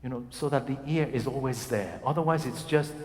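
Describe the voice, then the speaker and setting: A man's voice: medium pitch, fairly quick. A man leading a singing masterclass as a voice coach. He talks animatedly and demonstrates phrases by speaking and singing them out. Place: concert hall. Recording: roomy hall with long reverb.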